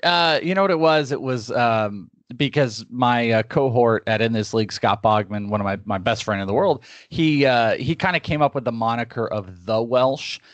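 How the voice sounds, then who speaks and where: A man answering interview questions as a guest draft analyst, full of enthusiasm and given to long, winding explanations. His voice sits at an average pitch for a man. The recording is close and dry. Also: normal speed, hardly any pauses, no echo.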